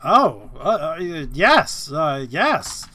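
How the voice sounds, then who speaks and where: A nervous, stammering tavern server woman, apologetic and flustered, as a man puts her on. The voice is pushed up in pitch and bright, clearly louder than his narration. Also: sing-song, very slow, exaggerated voice.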